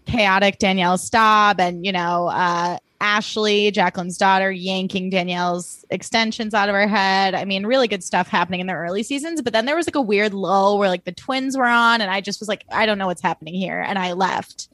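A woman co-hosting a podcast in casual chat, blunt and swearing freely, talking in quick bursts. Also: mid-range voice, a bit bright, no echo. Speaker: podcast co-host.

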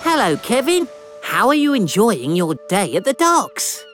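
A woman's voice: on the high side, big pitch swings, measured pace, over loud music, voice pushed up. A woman voicing a friendly, cheerful little tank engine in a storybook reading.

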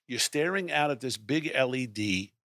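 A middle-aged man tells a story with lively energy. He acts out his own lines as he goes. His voice is mid-pitched and recorded close and dry. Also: moderate pace, no echo. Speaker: guest storyteller. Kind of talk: animated anecdote telling.

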